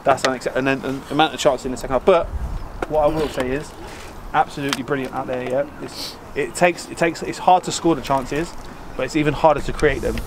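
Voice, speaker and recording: A man's voice: mid-range voice, fairly even intonation, fast, background noise. A man managing a football team gives a blunt post-match talk to his players, swearing as he scolds them and then praising them.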